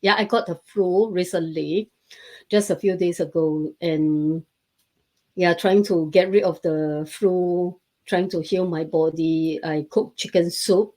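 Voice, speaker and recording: A woman hosting a casual talk show, speaking slowly and hesitantly with many pauses and fillers. Her voice sits on the low side for a woman. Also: fairly even intonation, mellow. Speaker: host. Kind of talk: casual interview chat.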